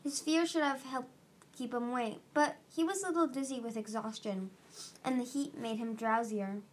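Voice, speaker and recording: A woman reading a fantasy novel aloud as an amateur audiobook, steady with small restarts. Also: on the high side, moderate pace. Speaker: audiobook reader.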